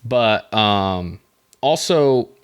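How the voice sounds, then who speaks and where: A young man hosts a casual solo podcast into a desk microphone, speaking extremely slowly yet animatedly in a clean, lowish voice. He rambles and jokes at his own expense, his monologue full of fillers and restarts.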